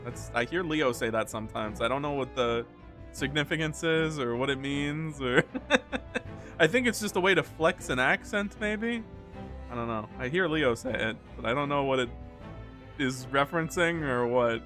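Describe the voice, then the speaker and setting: A man giving casual, joking commentary while playing a game, excitable and laughing often. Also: mid-range voice, normal speed. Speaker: streamer. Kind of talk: casual let's-play commentary. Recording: game music behind the voice.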